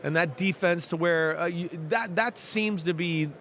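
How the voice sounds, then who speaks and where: Jersey guy co-hosting sports talk, lots of uh and you know, little high, faint noise. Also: fairly bright tone. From New Jersey. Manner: halting, full of fillers and restarts. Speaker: sports talk show co-host.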